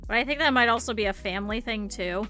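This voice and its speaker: Young midwest woman streamer, bright voice, rambly chatty crafting talk, quiet music behind. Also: on the high side, fast. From northern Ohio, US. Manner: rambling, chatty, thinks aloud. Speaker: VTuber streamer. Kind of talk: casual chat while crafting.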